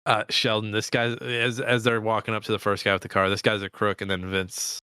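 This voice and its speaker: A man co-hosting a podcast, chatting casually about a movie, rambling with halting restarts and quick asides. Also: fairly low pitch, little pitch movement, sharp tone, smooth, no room sound, studio quality. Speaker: podcast co-host.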